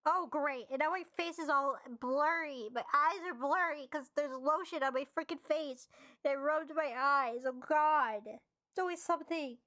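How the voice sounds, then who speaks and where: A young woman streamer with a high, bright, forceful voice, recorded in clean studio quality with no echo, reads a visual novel's text aloud at normal speed. She then reacts with sarcastic, exasperated outbursts and swearing.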